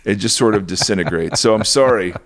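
A man's voice: lowish voice, fairly quick. A man co-hosting a podcast in casual chat, playful and self-deprecating, rambling and worn out after a booster shot. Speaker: podcast co-host.

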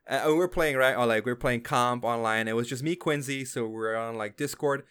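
A man's voice: mid-range voice, brisk, fairly bright tone, clean tone. A man co-hosting a gaming podcast, telling a story in casual chat with lots of fillers. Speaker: podcast co-host.

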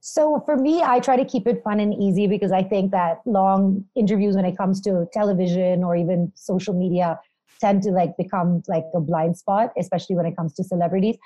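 A woman's voice: medium pitch, fairly quick, mellow, no room sound, lo-fi sound. A woman, a presenter being interviewed, telling stories in an upbeat, chatty way. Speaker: interview guest, entertainment presenter. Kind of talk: casual interview talk.

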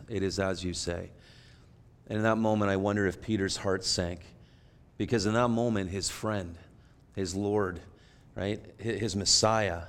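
A man preaching a sermon, retelling a story earnestly and moving between hushed, quiet passages and emphatic ones. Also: fairly low pitch. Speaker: pastor.

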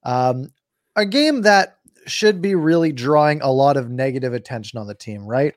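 A man's voice: mid-range voice, expressive, moderate pace, no echo. A man co-hosting a sports podcast, talking through recent games in a loose, rambling way with a dry, sarcastic edge. His voice sits in a middle register and is recorded close in a dead, dry space with no room sound. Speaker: podcast co-host. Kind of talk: casual sports chat.

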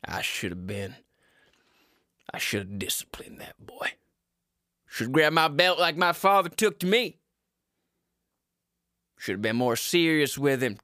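A man voicing a gruff, old-fashioned middle-aged father who scolds in a low folksy drawl. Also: animated, slow, long pauses, sharp tone, no echo, clean studio sound. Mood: scolding.

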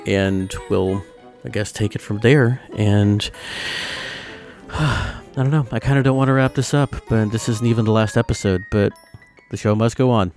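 A man hosting a podcast in casual chat, relaxed, laughing easily and using many fillers. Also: on the low side, normal speed, faint music behind. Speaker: podcast host.

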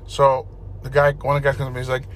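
Man, casual co-host, rambling swearing storyteller, mid-pitched voice, faint noise underneath. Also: fast. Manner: rambling, profane, animated storyteller.

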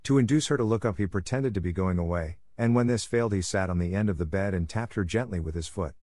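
A man narrating a classic children's story in a measured, even reading. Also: low voice.

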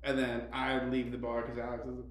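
A man's voice: medium pitch, monotone, a little fast, a little hiss or hum. A man co-hosting a casual chat, telling wry anecdotes between laughs. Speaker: podcast co-host. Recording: roomy, with faint ambience.

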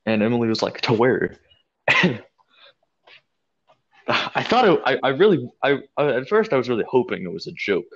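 A man co-hosting a podcast, telling a long story in a casual, animated and profane way. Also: medium pitch, moderate pace, long pauses, slightly rough, dull audio. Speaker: podcast co-host.

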